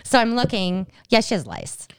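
Lady in her 40s on a podcast, super smooth clear voice, dry close mic, telling a story and doing everybody's lines. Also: mid-range voice, normal speed, dry recording. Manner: animated storytelling, acting out family dialogue. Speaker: podcast co-host. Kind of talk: casual chat.

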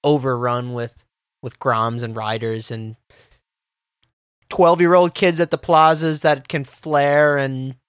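A man hosts a podcast in a relaxed, casual way, his phrasing loose and full of fillers. His voice sits mid-range and sounds dry and close. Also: mid-range voice, takes it slowly, clean tone, dry recording. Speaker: podcast host. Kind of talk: casual chat.

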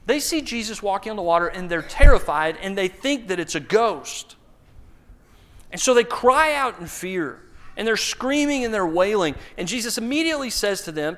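A pastor with a notably high voice delivers a sermon. He tells the story with animation and humor, slipping into playful voices for the people in it. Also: sing-song, normal speed, fairly bright tone.

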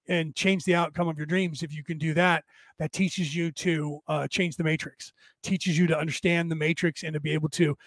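Man, livestream host, rambling, chuckling, strained tired voice, fairly high pitch. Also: no room sound. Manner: rambling, chuckling, searching for words. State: tiring, strained voice. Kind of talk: casual livestream chat answering viewers.

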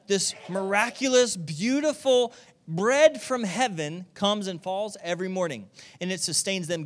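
High-voiced male preacher. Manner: animated, keeps asking "okay?" and "right?"; acts out grumbling voices and loud exclamations. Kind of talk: sermon.

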